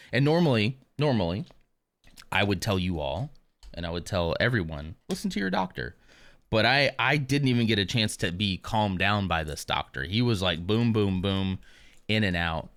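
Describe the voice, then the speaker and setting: A man's voice: on the low side, a bit bright, no echo. A man streaming live, chatting candidly and rambling with asides about his day. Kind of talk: casual chat.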